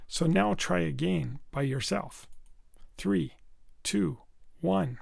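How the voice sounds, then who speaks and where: Slow, gravelly male business teacher. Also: fairly high pitch. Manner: slow, deliberate delivery with demonstrative stress on key words. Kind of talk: instructional video lesson.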